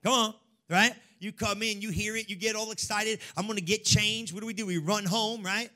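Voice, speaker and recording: High, bright-voiced man preaching fervently. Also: fairly even intonation, a little fast. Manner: call-and-response preaching, swings from hushed to shouting. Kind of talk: energetic sermon. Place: church.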